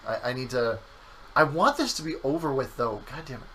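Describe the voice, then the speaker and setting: A man streaming a game, thinking aloud about his moves and reading the chat in a low-key way. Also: sing-song, brisk, a bit bright, a little hiss or hum, low-quality recording. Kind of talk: casual let's-play chat.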